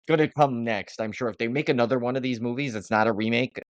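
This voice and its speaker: A man co-hosting a podcast, talking casually and with animation. He slips into sudden high-pitched voices when he acts out quotes. The sound is dry and close. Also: fast, clean tone, dry recording, muffled recording. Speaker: podcast co-host. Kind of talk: casual chat.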